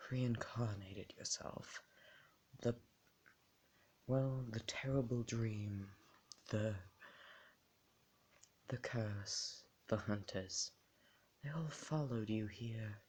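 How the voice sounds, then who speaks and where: Guy doing a soft whispery doll lady, calm caretaker, whispered role-play, real slow. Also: mid-range voice, slightly rough. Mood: hushed. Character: gentle female doll, hushed caretaker.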